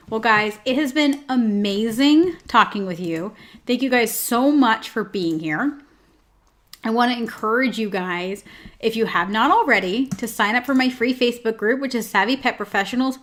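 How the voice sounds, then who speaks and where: Speaking on the high side at a moderate pace, this woman runs her own show. Her talk is casual, full of filler words and jokey tangents.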